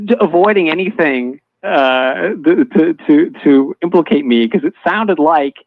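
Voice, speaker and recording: Higher-voiced man telling a story, halting. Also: lively intonation. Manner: halting, many fillers and restarts. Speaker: guest telling a personal story. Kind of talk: casual storytelling on a live audio chat. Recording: dull lo-fi online audio stream.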